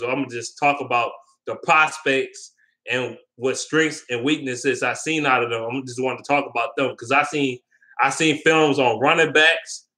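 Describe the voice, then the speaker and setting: A young man with a bright, forward voice talks sports off the cuff. He rambles from one opinion to the next, slangy and loose, full of ums and restarts, in a middle-pitched voice. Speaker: sports vlogger. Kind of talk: casual sports talk.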